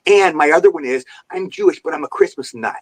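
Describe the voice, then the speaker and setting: An older man, a guest actor on a podcast, telling lively show-business stories and jumping into voices when he quotes people. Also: on the high side, fast. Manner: animated anecdotal storyteller, jumps into voices for quotes. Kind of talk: podcast interview storytelling. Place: remote podcast call.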